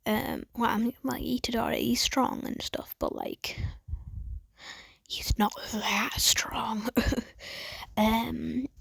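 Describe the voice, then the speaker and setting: A woman casually retelling a fan story in a husky voice, rambling with many fillers and mostly whispering. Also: a little high, flat delivery, takes it slowly, long pauses, a bit bright, no room sound.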